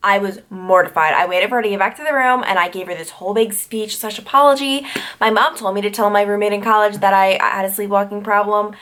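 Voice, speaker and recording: A woman's voice: medium pitch, quick pace, a bit bright. A young woman from New York tells a story to her vlog audience in a loose, chatty way. She keeps dropping in "like" and wandering off on tangents before finding her way back. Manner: chatty, full of "like" fillers and tangents. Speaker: YouTuber.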